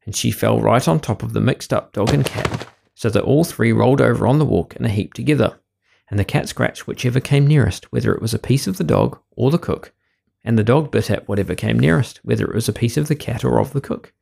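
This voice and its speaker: Gravelly man reading a children's tale. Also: medium pitch, brisk. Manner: lively expressive reading. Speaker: storyteller. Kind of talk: reading a children's story aloud.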